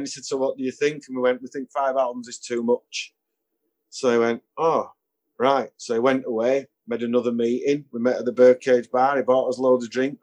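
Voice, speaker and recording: A man spins stories from his band days in a relaxed interview. He chuckles as he goes and slips into the voices of the people he quotes. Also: medium pitch. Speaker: musician guest. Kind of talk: casual storytelling interview.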